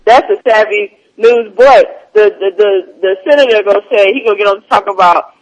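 A man hosting a casual comedy talk show, rambling and animated, laughing often. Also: high-pitched, fairly quick, highs cut off. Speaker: podcast host.

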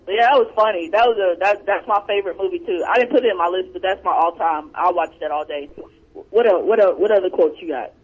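A man's voice: high-pitched, fast, breathy edge, muffled recording. A man in casual chat as a podcast co-host, talking animatedly and quoting movie lines in put-on voices.

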